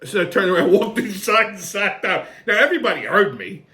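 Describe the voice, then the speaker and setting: A man's voice: high-pitched, very animated, a little fast, sharp tone, soft background music. A man hosting his own show, telling a long story in a blunt, rambling and profane way. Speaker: host. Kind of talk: casual storytelling monologue.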